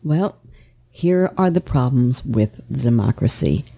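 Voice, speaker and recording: A woman hosts a political talk show with a low, mellow voice. She argues with passion and trips over restarts, and her voice leaps upward when she gets heated. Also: lively intonation, creaky. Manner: impassioned, voice climbs when emotional; rapid, repetitive restarts. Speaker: podcast host.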